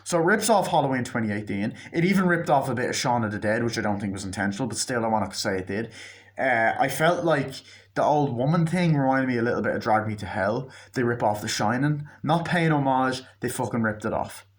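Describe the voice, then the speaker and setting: A man's voice: medium pitch, expressive, a little fast. A man giving a casual spoken movie review, ranting bluntly with lots of swearing and restarts.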